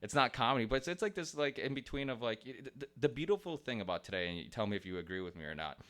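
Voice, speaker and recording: A man's voice: mid-range voice, animated, very fast, fairly bright tone. A man hosting a podcast in casual chat, rambling with many restarts, swearing and laughing easily. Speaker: podcast host.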